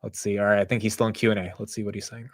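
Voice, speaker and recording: A young man fires off words rapidly in a fairly low voice while hosting a livestream on stocks. His delivery is casual, animated and meandering, packed with "bro" and "dude."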